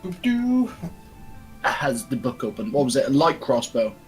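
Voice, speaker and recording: A man's voice: medium pitch, fairly quick, reverberant, far from the mic, faint music behind, poor audio. A man playing a tabletop game, chatting casually over voice chat. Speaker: player.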